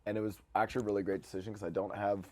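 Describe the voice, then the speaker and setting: Man, podcast guest, easygoing, trails off quietly. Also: on the low side, level tone, very fast, no echo. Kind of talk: casual chat.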